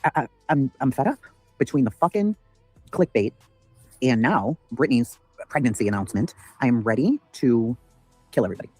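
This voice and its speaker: A man's voice: medium pitch, animated, moderate pace, dark tone, husky, no echo, soft background music. A man hosting a casual livestream, ranting with heavy swearing while greeting chat members by name. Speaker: livestream host.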